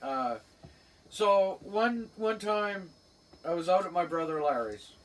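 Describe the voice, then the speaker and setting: A man's voice: high-pitched, lively intonation, takes it slowly. A man with a Cape Breton accent telling a rambling funny story in casual chat, laughing often. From Cape Breton, Canada. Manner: rambling, laughs often, acts out quoted voices loudly. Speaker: podcast host. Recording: distant mic with faint room noise.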